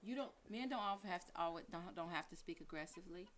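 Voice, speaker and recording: A woman's voice: lowish voice, over a noisy crowd. Outspoken woman co-hosting a talk show. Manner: outspoken, quick to push back. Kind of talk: casual radio talk discussion.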